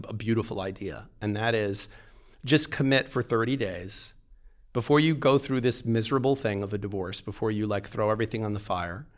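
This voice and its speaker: A man, a divorce lawyer, talking as a podcast guest, emphatic and full of "like", acting out the back-and-forth of an anecdote. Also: lowish voice. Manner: emphatic, lots of "like", acts out quoted dialogue. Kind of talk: animated conversational storytelling.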